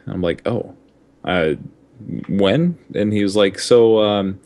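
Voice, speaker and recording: A man's voice: lowish voice, steady tone, a little slow, a little mellow. A man guest telling a story in casual chat, with many fillers.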